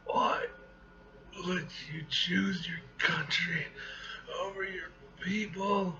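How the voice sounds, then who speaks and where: A man's voice: high-pitched, steady tone, slow pace, reverberant, lo-fi sound, noisy background. A man reading a defiant, wounded young male mutant from a comic.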